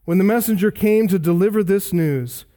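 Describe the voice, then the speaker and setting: A middle-aged male pastor delivering a sermon with a high, ringing voice. He preaches earnestly, leaning hard on key words and pausing for effect. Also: warm tone. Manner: emphatic, earnest preaching with dramatic pauses.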